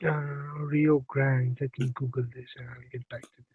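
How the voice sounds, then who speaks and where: Halting man on a tinny phone line. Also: medium pitch, little pitch movement, husky, no room sound. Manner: halting, repeats words, polite sign-off. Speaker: show co-host. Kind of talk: casual live-stream chat.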